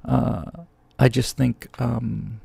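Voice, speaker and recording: A man's voice: medium pitch, flat delivery, drawn-out words, creaky, dark tone, breathy edge, no room sound. A middle-aged man hosting a show, answering viewer questions in a sarcastic, opinionated political rant close to a studio microphone. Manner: sarcastic, ranting, jumps into mocking voices.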